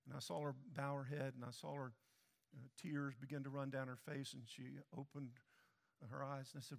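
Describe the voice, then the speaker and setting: A man's voice: medium pitch, little pitch movement, fairly quick, gravelly, long reverb tail. A man preaching a sermon in a church, speaking emphatically and putting questions straight to the congregation. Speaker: pastor. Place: church sanctuary.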